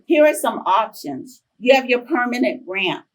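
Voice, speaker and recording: A woman in her fifties, a professor giving a conference talk, telling chatty, animated personal stories to the audience. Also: a little high, moderate pace, recorded from a distance, slight background noise, rough recording. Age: 50s. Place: conference room.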